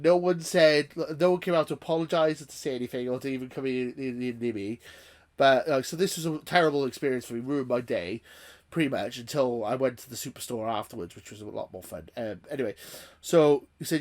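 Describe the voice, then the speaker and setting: A man's voice: mid-range voice, a little fast, a little mellow. A man hosting a YouTube channel, ranting in a casual vlog with frequent restarts and swearing.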